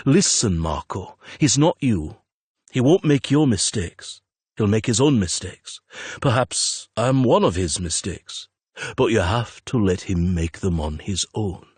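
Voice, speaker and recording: A man's voice: lowish voice, animated, measured pace, a little mellow, slightly rough, no room sound. A man doing a firm, protective older farmer. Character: older man, silver-haired goat farmer, steady and protective.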